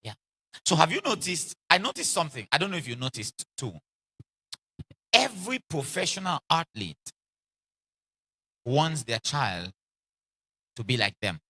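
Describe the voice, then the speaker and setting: A man preaching a sermon in an animated way, acting out quoted voices and repeating lines for emphasis, with laughs between lines. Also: a little high, unhurried, pauses often, breathy edge.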